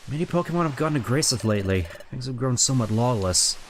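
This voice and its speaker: A man's voice: medium pitch, lively intonation, fast talker, slight background noise, lightly acted. A man voicing a friendly young partner Pokémon in a video game, in a plain, earnest and kindly way.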